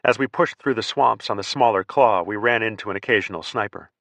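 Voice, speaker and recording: A man narrating a first-person war memoir audiobook in a measured, plainspoken way. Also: fairly low pitch, gravelly, a bit bright, no room sound.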